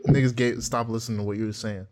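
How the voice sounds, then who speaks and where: A man's voice: medium pitch, fairly even intonation, quick pace, a little mellow. A young man co-hosting a casual chat, telling profane stories with lots of laughter and acted-out quotes. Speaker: podcast co-host.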